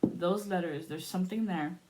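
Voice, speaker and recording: A woman's voice: fairly low pitch, normal speed, very noisy. Cursing, chatty woman spiritual reader. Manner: profane, laughing, chatty; invoking spirits in prayer. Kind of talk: casual spiritual reading.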